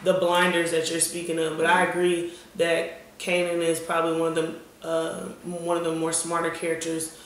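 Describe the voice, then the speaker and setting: A woman co-hosting a casual TV review chat, relaxed and opinionated, often talking over her partner. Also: sits low, moderate pace. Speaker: podcast co-host. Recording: echoey room, mic far off, faint noise.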